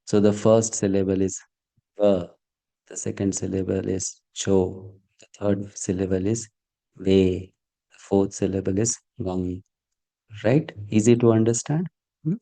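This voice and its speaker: A man's voice: deep voice, fairly even intonation, measured pace, creaky, pauses often, warm tone. A man teaching a Sanskrit verse class online over a video call, patiently checking that students follow with frequent questions. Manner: patient, checks understanding with frequent "hmm?" and "okay?".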